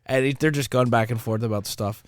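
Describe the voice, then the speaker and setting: A man trading crude jokes on a casual podcast, talking at an ordinary pitch with a habit of slipping into mocking voices. The sound is dry and close to the mic. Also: brisk, no echo. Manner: joking, mimics voices, laughs often. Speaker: podcast co-host.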